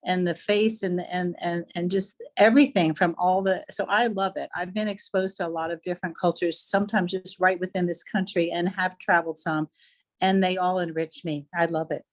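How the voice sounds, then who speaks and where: Halting woman artist, many fillers. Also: fairly low pitch, steady tone. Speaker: artist and art teacher. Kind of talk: casual chat.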